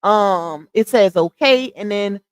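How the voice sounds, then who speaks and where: A woman's voice: mid-range voice, slow, clean tone, dry recording. A woman hosting a casual livestream, chatting straight to her viewers and laughing often. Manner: laughs often while talking. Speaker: livestream host.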